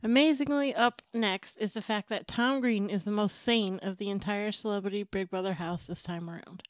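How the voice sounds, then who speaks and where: A woman's voice: mid-range voice, normal speed, no room sound. A woman co-hosts a podcast with eager, insistent enthusiasm, reading listener mail and pushing her picks. Her voice sits in a middle range. The recording is close and dry. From New England. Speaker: podcast co-host. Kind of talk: casual chat.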